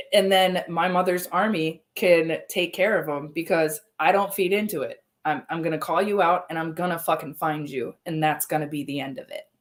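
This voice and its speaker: A woman hosting her own livestream, fired up and confrontational, cursing freely as she talks straight to the camera. Her voice sits a little low for a woman. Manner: heated, swearing, confrontational. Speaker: livestream host. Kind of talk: angry livestream address.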